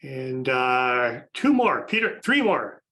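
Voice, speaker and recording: A man's voice: medium pitch, sing-song, slow, pushed and bright, low-quality recording. A man hosting a podcast, casually introducing a panel of guests, chatty with frequent fillers and restarts. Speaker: podcast host.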